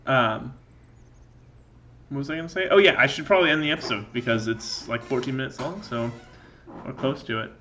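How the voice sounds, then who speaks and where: Bright-voiced man rambling through gameplay. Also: medium pitch, quick pace, highs cut off, slight background noise. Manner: rambling, joking, loses his train of thought. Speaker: gaming channel host. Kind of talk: let's play commentary.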